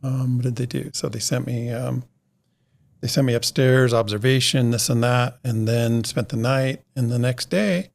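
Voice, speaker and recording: A middle-aged podcast guest, speaking at a moderate pace in a mid-range voice with a steady tone and vocal fry, tells a long story. His casual telling rambles on as he acts out everyone's words by quoting them.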